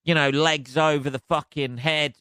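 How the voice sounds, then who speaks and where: A man's voice: a little high, steady tone, moderate pace, pushed and bright, smooth, no echo, clean studio sound. Sweary man ranting on a podcast. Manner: sweary, exasperated, laughs at himself. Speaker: podcast host. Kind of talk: casual solo rant.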